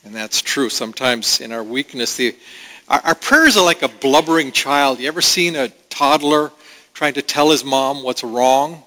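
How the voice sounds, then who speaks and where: A man preaching a sermon as pastor, earnest and conversational, with halting restarts. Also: medium pitch, sharp tone. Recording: long hall reverb.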